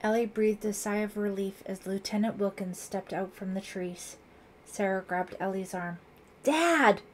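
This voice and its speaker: A woman narrating a thriller audiobook in a measured, dramatic reading. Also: mid-range voice, monotone, darkish tone, slight background noise.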